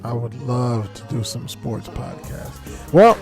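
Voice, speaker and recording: A man with a New Jersey accent co-hosting a podcast in relaxed, slangy chat. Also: medium pitch, takes it slowly, creaky, music in the background. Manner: laid-back, slangy and chatty. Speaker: podcast co-host. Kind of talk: casual chat.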